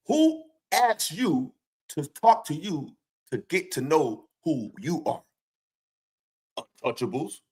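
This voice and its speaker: A man's voice: on the high side, very animated, slow pace, long pauses, darkish tone, slightly rough. A man hosting his own stream, delivering a profane, confrontational rant full of taunting rhetorical questions. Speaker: streamer host.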